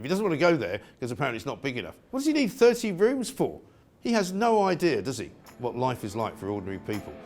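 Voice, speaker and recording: A middle-aged male presenter from England giving an outspoken, sarcastic opinion monologue. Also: medium pitch.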